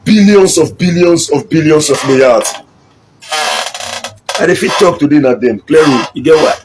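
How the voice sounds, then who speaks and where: A man's voice: on the high side, moderate pace, background noise. A middle-aged Nigerian man giving an impassioned political speech, mixing Pidgin with English and repeating his points for emphasis. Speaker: local politician.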